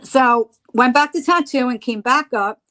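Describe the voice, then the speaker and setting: A high-voiced woman tells a story in a casual podcast chat. She is animated, laughs easily and acts out what people said. Her pitch sits well above most women's. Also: a little slow. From United States. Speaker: tattoo artist and paranormal investigator.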